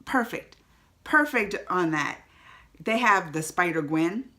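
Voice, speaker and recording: A woman giving a casual, emotional vlog movie review to the camera, chatty and quick to tear up or laugh. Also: on the low side, animated, bright, forceful tone.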